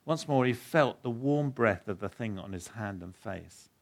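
Low-voiced man preaching and reading aloud. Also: expressive, measured pace. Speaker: pastor. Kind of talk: sermon with a read-aloud story.

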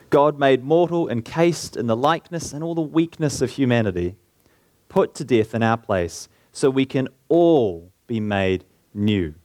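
A man preaching a sermon in an earnest way, slowing down and lifting his voice to stress key points. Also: mid-range voice, darkish tone, no echo. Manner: earnest, slows down and lifts his voice for emphasis.

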